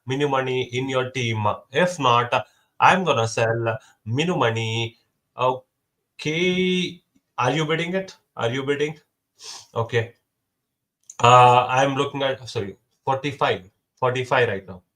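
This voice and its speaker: The young man running this informal mock auction keeps restating the top bid and addresses each side by name. His voice is middle-pitched and fairly bright, and he rattles off a quick countdown before each sale.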